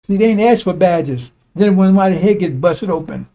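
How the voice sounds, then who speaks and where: A religious commentator gives an informal preaching monologue in a somewhat high, mellow voice, animated and at normal speed. He circles back to the same points with repetitive, emphatic drilling, tossing in rhetorical checks like "right?" and "see?" The feel is casual and emphatic rather than formal.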